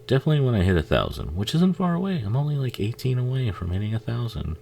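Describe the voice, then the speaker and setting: A man's voice: medium pitch, big pitch swings, quick pace, gravelly, warm tone, slight background noise. A man giving a casual, rambling watch-along commentary on a film, swearing freely and laughing often.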